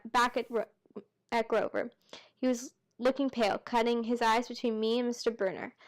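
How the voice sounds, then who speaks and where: A woman reading a novel aloud in a relaxed, unpolished way. She stops for chatty asides and often corrects herself mid-word, and her voice sits a little high. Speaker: amateur reader. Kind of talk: casual read-aloud of a novel.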